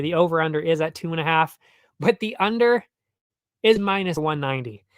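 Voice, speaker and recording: A man with a somewhat high voice talks through his betting picks in a loose, slangy ramble, often correcting himself mid-thought and chuckling at his own jokes. The sound is close and dry, with no room around it. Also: fairly bright tone, dry recording. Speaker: betting tipster host. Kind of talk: casual solo betting talk.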